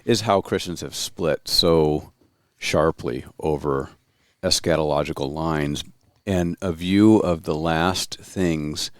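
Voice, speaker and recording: A man co-hosting a casual discussion podcast, talking thoughtfully and often pausing to search for the right words. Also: very deep voice, dry recording, clean studio sound. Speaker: podcast co-host.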